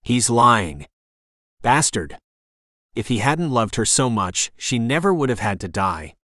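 A man's voice: medium pitch, very animated, unhurried, dry recording, clean studio sound. A man voicing a scornful older woman killer. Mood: defensive. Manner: sharp, scornful, bossy. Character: older woman shifter, cold scheming killer.

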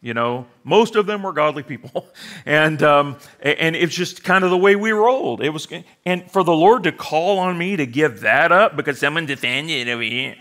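A man's voice: fairly high pitch, moderate pace, fairly bright tone. A middle-aged male pastor preaching a sermon with humor, sarcastic asides and acted-out quoted voices.

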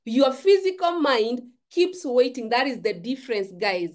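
A woman's voice: fairly high pitch, unhurried, darkish tone. A woman giving an emphatic, preachy motivational talk to camera, repeating phrases for stress. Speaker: forex trading YouTuber.

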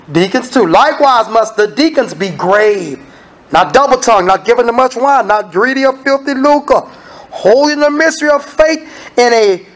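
A man's voice: sits high, gravelly. A man preaching an evening church sermon, acting out quoted voices. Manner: animated, acts out quoted voices. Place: church sanctuary.

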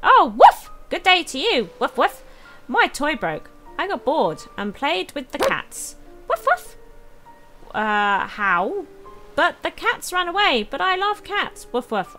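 A woman's voice: sits high, very animated, takes it slowly, pushed and bright, soft background music, pitched above the performer's own voice, exaggerated voice. A woman voicing a chatty dog villager in a cosy farming video game, who barks between sentences. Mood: excited. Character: barking talkative dog villager.

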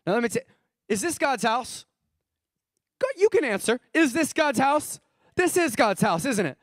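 A man in his thirties preaching a sermon as a pastor, animated, asking the congregation questions and acting out characters' lines. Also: very high-pitched, normal speed, dry recording, clean studio sound. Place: church.

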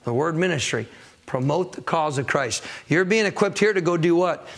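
A man's voice: a little high, expressive, moderate pace, creaky. A man preaching a sermon as pastor of a church, calling out to the congregation for answers and acting out people's excuses. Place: church sanctuary.

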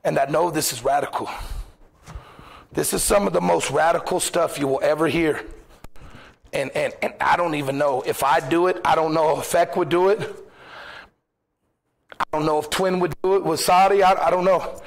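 A man's voice: a little high, fairly even intonation, moderate pace, creaky, pauses often. A man preaching a sermon as pastor in a church, impassioned, firing rhetorical questions and acting out quoted voices.

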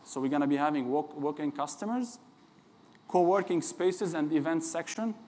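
A man presenting his startup's plans in a casual, upbeat pitch. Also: moderate pace, a little mellow. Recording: long hall reverb.

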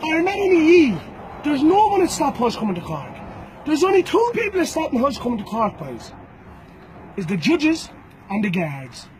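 An Irish man with a strikingly high voice that swings up and down a lot delivers a fighter's recorded challenge. He taunts and threatens, circling back to the same names and phrases again and again. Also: wildly swooping pitch, normal speed, noisy background. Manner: taunting and threatening, repeats names and "boys" often. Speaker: bare-knuckle fighter.

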